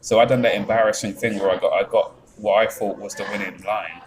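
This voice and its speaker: A man's voice: fairly low pitch, steady tone, fast, a crowd in the background, poor audio. A man with a Yorkshire accent chatting on a live stream, rambling, swearing freely and reading out chat messages. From England.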